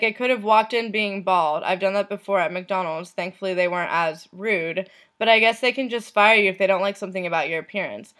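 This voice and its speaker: A woman vlogger reads messages aloud at a middle pitch. Her delivery is soft and unhurried, and her voice trails off at the end of lines.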